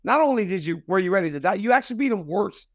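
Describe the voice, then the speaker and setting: A man in his forties talks through an interview with a high voice, friendly and emphatic. The sound is dry and close, with no room around it. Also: expressive, fast, a bit bright, no echo. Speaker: interviewer and fight analyst. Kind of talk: casual interview.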